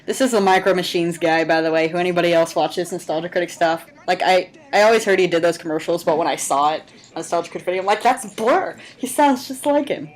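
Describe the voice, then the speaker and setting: A woman's voice: lowish voice, steady tone, fast talker, hardly any pauses. A woman doing a casual, chatty fan commentary over a cartoon episode, sarcastic and laughing, with the odd swear word.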